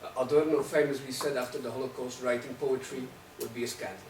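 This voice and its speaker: In a lecture hall, a man in the audience fires off provocative, rhetorical questions during an academic discussion, habitually ending his points with "right?". His voice is medium-pitched, steady, fast, and somewhat dark. The recording has an echoey room, a distant mic, and faint noise.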